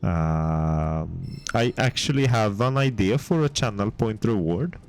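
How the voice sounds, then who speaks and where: Unhurried low-voiced male streamer. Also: expressive. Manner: laid-back, rambling, with frequent ums and uhs. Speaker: game streamer. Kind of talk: casual gameplay commentary.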